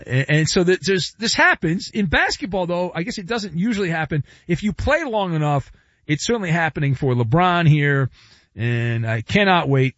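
Sports radio guy doing a sarcastic bit, lively up and down delivery, dry muffled studio sound. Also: on the high side, no echo. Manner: sarcastic, riffing, mock-dramatic. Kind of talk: casual sports talk radio monologue.

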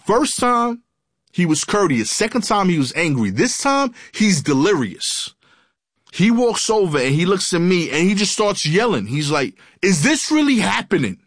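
A man telling a comic story in a lively, casual, punchy way. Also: high voice, a little slow, no echo, clean studio sound.

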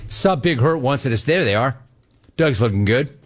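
A man hosting a call-in sports radio show, talking in an animated, jokey, rambling way. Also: medium pitch, normal speed. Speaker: radio sports talk host.

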